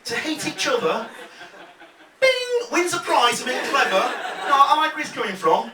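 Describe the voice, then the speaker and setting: A man from Leeds compering a live comedy night, bantering and laughing as he swings between mutters and shouts. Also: very high-pitched, expressive, moderate pace, a crowd in the background. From Leeds, England. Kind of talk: live stand-up crowd work. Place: comedy club stage. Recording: echoey club, distant mic, loud noise.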